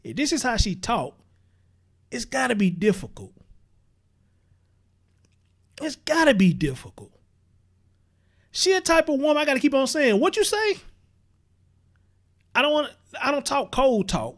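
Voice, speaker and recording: Guy on a livestream, high voice, chatty, keeps talking to the chat. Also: very animated, moderate pace. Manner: chatty, talks straight to chat, greets viewers by name. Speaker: livestream host. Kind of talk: casual livestream talk to viewers.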